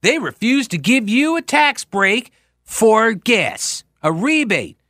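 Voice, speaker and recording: A man's voice: high-pitched, very animated, slow pace, pushed and bright, no room sound, studio quality. A man hosting a political talk radio show, ranting in a sarcastic, exasperated way. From United States. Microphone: studio microphone.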